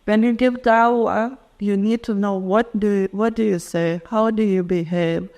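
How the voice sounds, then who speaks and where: Female guest in her thirties, Lithuanian accent, non-native English, animated when recounting events. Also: medium pitch, measured pace. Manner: lively storytelling with non-native grammar. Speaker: interview guest. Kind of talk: emotional personal testimony.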